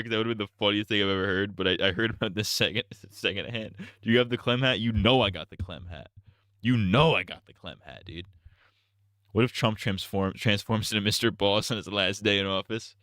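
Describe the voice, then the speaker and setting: A man's voice: fairly low pitch, fairly bright tone, no room sound, studio quality. A young man streaming a game, chatting casually in a rambling, joking way with stammered restarts, on earbuds.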